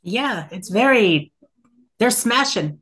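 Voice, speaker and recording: A man hosting a casual podcast chat about a TV show, enthusiastic and quick to laugh. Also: high voice, animated, a bit bright, husky. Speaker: host.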